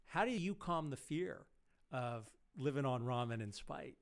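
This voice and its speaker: A middle-aged man hosting a live stream interview, animated and quick to laugh. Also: mid-range voice, vocal fry. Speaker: host.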